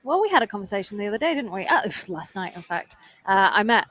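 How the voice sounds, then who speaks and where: Lively English woman commentating outdoors. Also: mid-range voice, fast, low-quality recording. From England. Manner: chatty, wry and playful. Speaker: livestream co-commentator. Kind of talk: live race commentary.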